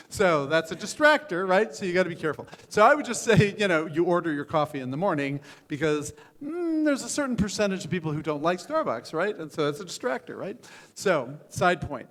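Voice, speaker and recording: An older man coaches a founder on his pitch in a frank, joking way, stopping and restarting his sentences. His voice sits fairly high for a man. It is recorded in a hall with a long echo. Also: big pitch swings, a little fast, few pauses, a bit bright. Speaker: venture capitalist giving pitch feedback. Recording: hall reverb.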